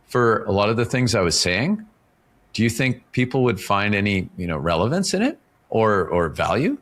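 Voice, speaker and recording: A middle-aged man, his voice sitting very low. He talks casually as an interview guest, unfolding his points through anecdotes and checking in with the listener as he goes. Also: sing-song, normal speed, a bit bright. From Canada. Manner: explains with stories, often checks in with "right?". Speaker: author and professional speaker, podcast guest.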